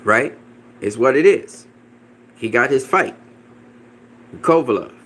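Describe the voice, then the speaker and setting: A man's voice: mid-range voice, lively intonation, slow pace, fairly bright tone, husky. A man ranting about boxing in a reaction video, profane, combative and dismissive, repeating himself and laughing mockingly. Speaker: boxing commentator.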